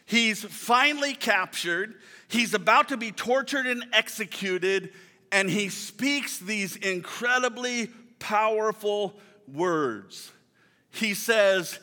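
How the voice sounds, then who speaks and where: A male pastor preaching a sermon in a conversational way, joking with the congregation and slowing down for emphatic quotes. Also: sits high, expressive, pushed and bright. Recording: reverberant hall sound.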